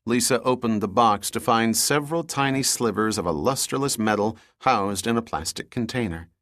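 A man reading a novel aloud as the narrator in a steady, measured storytelling style into a close studio mic. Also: fairly low pitch, no room sound. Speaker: audiobook narrator. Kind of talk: scripted narration.

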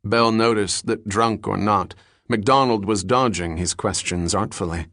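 A man narrating a novel in a steady, descriptive storytelling manner. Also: fairly low pitch, measured pace, dry recording, clean studio sound. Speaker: audiobook narrator.

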